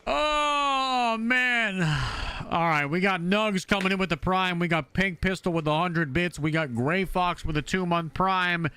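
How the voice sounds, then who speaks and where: A man streaming a video game live, chatting casually and excitably shouting thanks to his supporters. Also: high voice, normal speed, few pauses, smooth.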